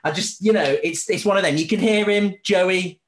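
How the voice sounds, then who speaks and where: A man's voice: high voice, normal speed, roomy sound, a little hiss or hum. A man hosting a casual football podcast from home, rambling and swearing through laughing banter. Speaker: podcast host. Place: home during lockdown.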